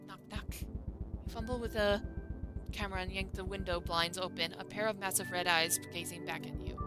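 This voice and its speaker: A woman streamer reading a game's story text aloud in a steady storybook manner. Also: lowish voice, moderate pace, over loud music.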